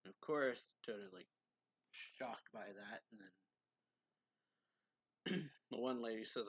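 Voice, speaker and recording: A man's voice: fairly low pitch, slow pace, long pauses, breathy edge, no room sound, lo-fi sound. A man giving a casual, rambling recap of a manga chapter as a reviewer, full of fillers, reading the characters' lines in his normal voice. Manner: rambling, filler-heavy retelling; reads character quotes aloud in his normal voice.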